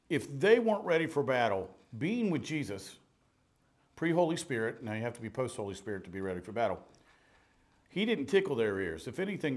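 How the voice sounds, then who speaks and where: Brief: middle-aged man, pastor, lively storytelling sermon, pitch leaps around, drops to near-whispers. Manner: animated, jumps between loud and hushed, laughs at own stories.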